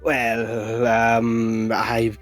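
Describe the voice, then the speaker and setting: A British-accented man playing a tabletop game, relaxed and self-deprecating. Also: mid-range voice, extremely slow, faint music behind. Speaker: player. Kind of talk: tabletop role-play chat.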